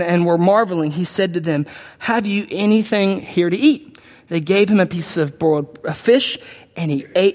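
A man with a fairly high voice preaches a sermon, reading scripture and then stopping to comment with animated bursts of excitement. His voice rings through a large hall with a long reverb. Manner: animated, breaks into excited outbursts and laughs. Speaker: pastor.

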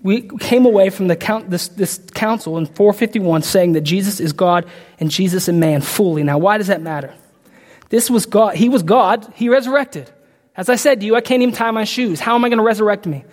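A man preaching a sermon as pastor, emphatic and repetitive, building to loud climaxes and asking the congregation for an amen. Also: high voice, normal speed, long reverb tail. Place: church.

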